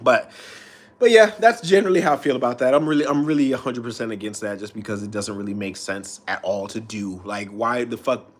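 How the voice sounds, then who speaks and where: A man's voice: medium pitch, brisk. A man streaming, ranting in a loose, profane way with frequent restarts. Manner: profane, rambling, restarts often. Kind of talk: casual rant.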